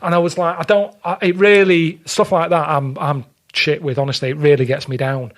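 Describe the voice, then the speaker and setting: A man's voice: on the high side, level tone, a little fast. Blunt grumbling man. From England. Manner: blunt, grumbling storyteller, acts out quoted exchanges. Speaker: podcast guest. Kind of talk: casual chat.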